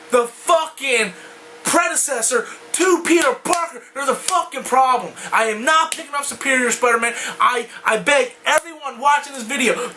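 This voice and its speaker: A man ranting furiously and profanely about a comic book in a video, often bursting into shouts. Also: very high voice, a little hiss or hum, poor audio. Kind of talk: angry video rant.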